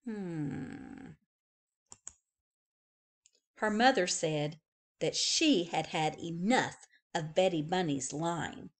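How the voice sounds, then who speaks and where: A woman librarian reading a picture book aloud to young children, slow and expressive. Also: fairly low pitch.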